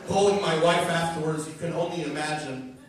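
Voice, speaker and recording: A rabbi delivering a gala keynote, animated and building to loud emphatic peaks. His voice booms around a big reverberant hall, picked up from well back from the mic with a faint rumble underneath. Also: brisk. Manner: animated storytelling, rising emphasis. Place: large banquet hall. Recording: echoey hall from far off.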